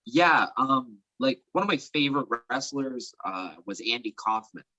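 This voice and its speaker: A young man chatting as an interview guest, rambling and filling pauses with "like" and "um". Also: mid-range voice, lively intonation, pushed and bright, no room sound, lo-fi sound. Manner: rambling, heavy use of fillers like "like" and "um". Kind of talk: casual chat.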